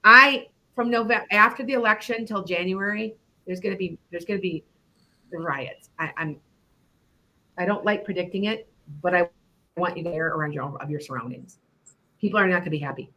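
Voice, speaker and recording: Chatty bright-voiced woman psychic host. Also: fairly low pitch, normal speed. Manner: chatty, rambling, laughs often. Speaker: psychic radio show host. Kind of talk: casual chat about predictions. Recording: internet radio show.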